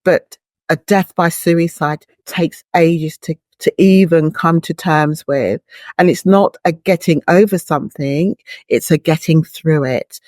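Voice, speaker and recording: A woman's voice: deep voice, measured pace, darkish tone, no echo, studio quality. A middle-aged woman speaking as a guest in an interview, earnest and heartfelt, explaining her thoughts through long, patient images. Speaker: bereaved mother, guest. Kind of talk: reflective interview talk.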